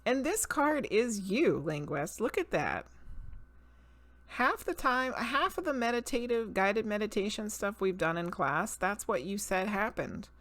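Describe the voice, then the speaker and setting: Woman medium on a live stream; slow, easy delivery, chats with viewers between readings. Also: mid-range voice, lively intonation, a bit bright, dry recording. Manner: laughs often, greets chat by name. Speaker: psychic medium and tarot reader streamer. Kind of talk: casual live-stream chat and card reading.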